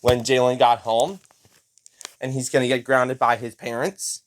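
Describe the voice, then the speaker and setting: A man's voice: medium pitch, flat delivery, a little slow. A young man narrating a rambling, repetitive fan-made story and reading out every character's lines himself. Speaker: narrator voicing all characters.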